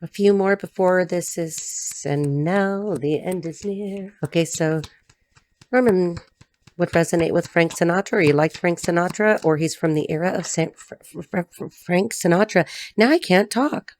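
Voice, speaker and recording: A woman's voice: on the low side, normal speed, a little mellow. A woman from the United States giving a chatty, blunt tarot reading, swearing freely as she talks. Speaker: tarot reader. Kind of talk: casual solo tarot reading to camera.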